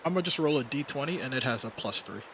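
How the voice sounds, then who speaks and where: A man's voice: mid-range voice, lively intonation, fast talker, fairly bright tone, slight background noise, rough recording. Offhand man playing a tabletop game. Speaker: player. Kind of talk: casual tabletop play.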